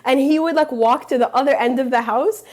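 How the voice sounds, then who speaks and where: A woman's voice: sits high, fairly quick, a little mellow. A young woman guest on a podcast, telling stories in a loose, chatty way, full of fillers and little laughs. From Palestinian, raised partly in Canada. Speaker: podcast guest, embroidery teacher. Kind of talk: casual storytelling interview.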